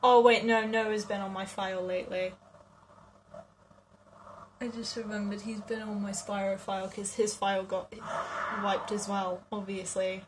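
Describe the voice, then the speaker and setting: A woman giving casual let's-play commentary, chatting and muttering to herself, with sudden loud frustrated outbursts. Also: mid-range voice, level tone, moderate pace, background noise. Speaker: gaming video creator. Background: game music.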